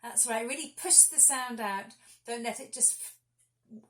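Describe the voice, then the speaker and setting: A woman leading children through a singing warm-up, giving clear and encouraging instructions. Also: on the high side, a little slow. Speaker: singing teacher.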